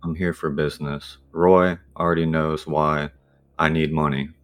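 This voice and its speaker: A man playing his character in a tabletop game, calm and measured. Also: very deep voice. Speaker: player. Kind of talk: in-character role-play.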